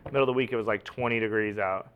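A man telling stand-up road stories in casual chat, animated and swearing freely. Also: fairly low pitch, racing, clear, resonant tone, phone-quality sound. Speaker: stand-up comedian, podcast guest.

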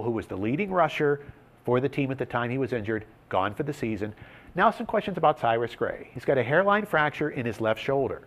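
A man hosting a sports betting talk show, leading the segment in a lively, emphatic way and laying out odds and stats. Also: mid-range voice.

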